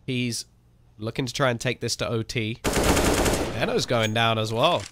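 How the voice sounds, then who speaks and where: Man, solo caster for an online shooter match, quick play-by-play over game gunfire and clicks. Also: medium pitch, background noise. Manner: excitable play-by-play that slips into chat with viewers. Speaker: esports caster. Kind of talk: live game commentary.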